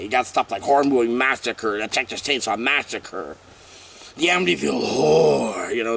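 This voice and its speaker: Outdoors on a windy day, a medium-pitched man rambles playfully through a horror movie recap, packing it with jokes and asides. He sounds far from the mic, and there's a little hiss or hum.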